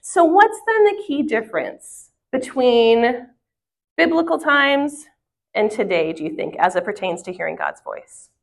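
A woman's voice: on the high side, big pitch swings, a little slow, vocal fry. A woman teaching a church group in a conversational way, asking the audience questions and telling a family story. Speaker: women's ministry speaker. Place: church hall with a live audience.

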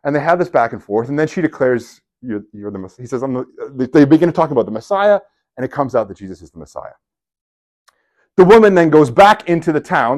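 A man giving a sermon in a conversational, animated storytelling way, with casual asides to his listeners. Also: fairly high pitch. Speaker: preacher.

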